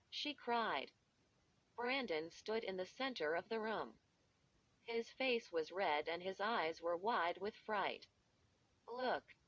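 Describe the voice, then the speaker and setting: A woman narrating an audiobook at an unhurried, deliberate pace. Her reading is steady and even. The recording is dull and lo-fi, with the top end rolled off. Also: medium pitch. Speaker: audiobook reader. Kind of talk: first-person audiobook narration.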